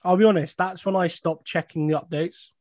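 A man's voice: sits high, fairly even intonation, a little fast, a little mellow. A man co-hosting a casual football podcast, blunt and opinionated with a wry edge. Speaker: podcast co-host.

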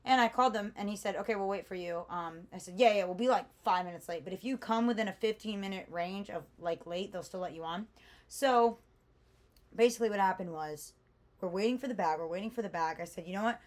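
A woman's voice: medium pitch, quick pace. A young woman co-hosting a casual chat, telling a long story with lots of fillers. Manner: chatty storyteller, animated with many fillers. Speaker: podcast co-host.

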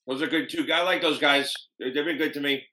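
A man hosting a podcast, telling stories in a rambling, animated way. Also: on the high side, quick pace. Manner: rambling, animated storyteller doing voices. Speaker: podcast host. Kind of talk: casual podcast interview. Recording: echoey room with faint noise.

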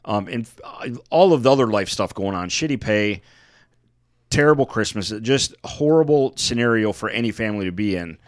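A man with a fairly low voice tells a rambling, profane story in casual podcast chat. The recording is dry and close. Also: expressive, moderate pace, smooth, no echo. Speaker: podcast co-host.

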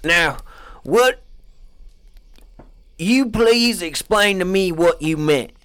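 A man voicing a stern doctor who questions a reanimated corpse loudly. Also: high voice, expressive, very slow, clear, resonant tone, pitched above the performer's own voice, heavily acted. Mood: insistent.

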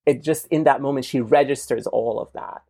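A co-host of a casual film discussion, speaking in a thoughtful, measured way with frequent fillers like "sort of" and "um.". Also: medium pitch, warm tone, breathy edge. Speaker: podcast co-host.

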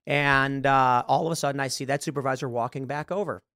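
A man's voice: mid-range voice, steady tone, a little fast, a bit bright, dry recording. A man hosting a podcast, telling a long story and acting out the dialogue. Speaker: show host. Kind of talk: podcast monologue.

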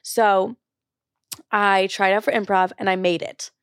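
A woman's voice: medium pitch, a little slow, clear, resonant tone, no echo, studio quality. Chatty, profane young woman storyteller. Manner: chatty, profane, animated quoting of others. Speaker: podcast host. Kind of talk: candid personal storytelling.

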